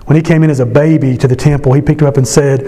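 A man preaching a sermon as pastor at a church service, impassioned, his voice climbing high when he stresses a point. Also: steady tone, rapid-fire, dark tone.

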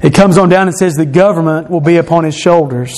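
A man preaching a sermon, explaining scripture verse by verse and repeating key phrases, slowing and dropping his voice for emphasis. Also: fairly high pitch, darkish tone. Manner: slows and drops his voice for emphasis.

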